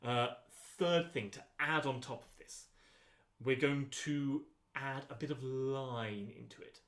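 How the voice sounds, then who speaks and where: Man, choir voice teacher, unhurried instructing, mid pitch, echoey rehearsal room. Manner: calm, unhurried instructing with frequent ums. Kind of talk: rehearsal voice lesson.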